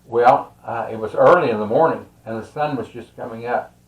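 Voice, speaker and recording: A man's voice: medium pitch, normal speed. Older Texan man telling a folksy story. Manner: folksy, rambling, with many fillers and chuckles. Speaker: storyteller and tarot reader. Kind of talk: casual spoken storytelling. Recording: roomy echo.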